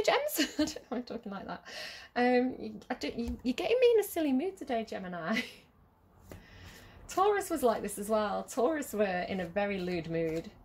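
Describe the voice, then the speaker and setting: A woman's voice: mid-range voice, darkish tone. A woman giving a casual tarot reading, chatty and giggly, rambling with lots of fillers. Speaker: tarot reader.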